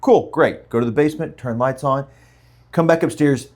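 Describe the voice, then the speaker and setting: A man hosting a podcast, telling stories in an animated, casual way. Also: medium pitch, normal speed. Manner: animated storyteller. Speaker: podcast host. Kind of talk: casual storytelling chat.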